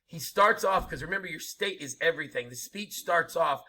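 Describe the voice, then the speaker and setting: A man's voice: fairly high pitch, lively intonation, normal speed, pushed and bright. A man lecturing a history class, emphatic and informal, asking rhetorical questions as he goes. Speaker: history teacher.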